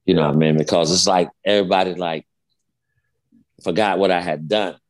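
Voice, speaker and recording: A man's voice: sits low, steady tone, a little fast. A man in his fifties, a former basketball player, telling a heated story as a guest, swearing freely and repeating himself. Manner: profane, heated, repetitive storytelling. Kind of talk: casual storytelling interview.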